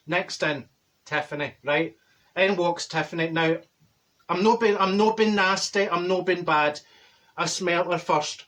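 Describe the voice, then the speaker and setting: A man's voice: high-pitched, fairly bright tone. A man voicing a brash, chatty middle-aged woman with a Glaswegian accent, telling a comic story in a blunt, gossipy way. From Glasgow. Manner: gossipy, blunt, self-described people person. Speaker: comedy character. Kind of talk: character comedy monologue.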